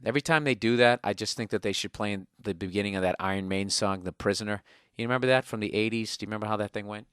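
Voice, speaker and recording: Man ranting profanely into a dry, crisp hotel-room mic. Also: fairly low pitch, very fast, fairly bright tone, dry recording. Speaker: comedy podcast host. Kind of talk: casual comedic rant. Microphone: single microphone, no headphones.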